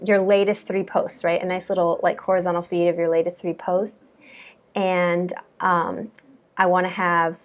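A woman, a coding bootcamp student, chatting casually and giggling as she walks through her project. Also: fairly low pitch. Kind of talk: casual screen-share walkthrough.

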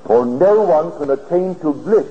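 A man giving a spiritual lecture, telling his story in an earnest, deliberate way, heard on an old archival tape. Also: a little high, animated. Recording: old archival lecture tape, dull and hissy, in a reverberant hall.

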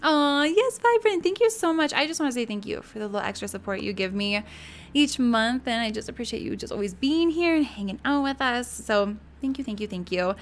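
A woman's voice: fairly high pitch, lively intonation, fairly quick. A woman in her thirties chatting casually on a live stream, thanking viewers by name and talking about her kids with frequent laughs. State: mother of young kids.

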